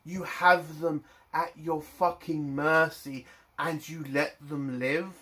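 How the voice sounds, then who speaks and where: A man in full rant mode, reviewing a TV episode with mounting outrage. He swears constantly and pushes his voice up into loud, indignant bursts. His tone is bright and forceful, sitting a touch higher than most men. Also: level tone, slow pace. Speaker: TV review vlogger. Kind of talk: angry ranting review.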